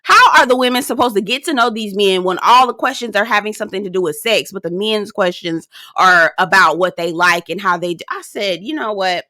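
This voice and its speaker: Sassy, bright-voiced woman recapping reality TV. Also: mid-range voice, fairly quick, hardly any pauses, dry recording, studio quality. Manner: sassy, animated, laughing asides and put-on quotes. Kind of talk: casual recap commentary.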